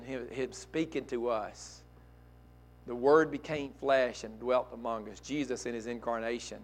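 A male pastor preaching a sermon, dropping to quiet asides and climbing to loud, emphatic peaks. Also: steady tone, measured pace. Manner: swings from soft asides to loud, high-pitched emphatic preaching.

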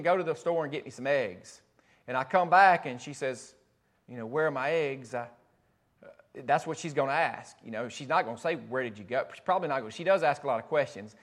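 A man preaching a sermon as pastor, earnest and repetitive, restarting phrases as he teaches. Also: a little high.

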